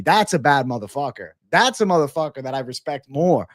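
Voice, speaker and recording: A man's voice: medium pitch, animated, fast talker, few pauses, dry recording. A man hosting an MMA livestream in casual, profane, hyped chat full of slang.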